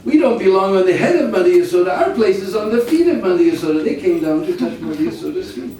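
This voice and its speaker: A man's voice: high voice, quick pace, a little hiss or hum. Man telling a sermon story, far off. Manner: animated storytelling with asides to listeners. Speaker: preacher. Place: large indoor hall at a summer camp. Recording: echoey hall from far off, faint ambience.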